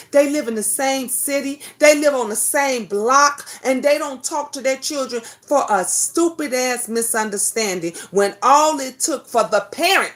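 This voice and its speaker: A woman's voice: sits high, fairly bright tone. A middle-aged woman hosting a talk show, giving an emotional, profane and preachy monologue. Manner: preachy, lecturing. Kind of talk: impassioned monologue.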